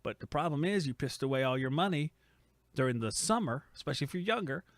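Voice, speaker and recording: In a slightly high voice with lively intonation and a quick pace, a man streams casually from his home studio. He rambles and jokes while reading viewers' comments aloud and teasing them, and there's no room sound.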